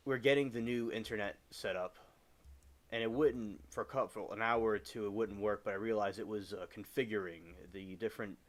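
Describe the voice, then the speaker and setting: A man chatting casually on a gaming livestream from home, rambling with halting restarts as he talks over his game. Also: fairly low pitch, fairly bright tone. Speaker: live streamer.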